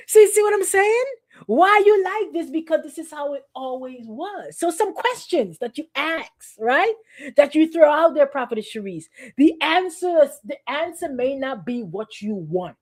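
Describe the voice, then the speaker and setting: A woman's voice: high voice, lively intonation, normal speed, a little mellow. A woman pastor giving a sermon in a conversational, repetitive, playfully sarcastic way.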